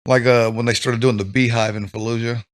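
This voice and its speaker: A man's voice: mid-range voice, flat delivery, brisk. A man, a military veteran, telling blunt stories in a casual podcast chat. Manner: blunt, laid-back storytelling with swearing.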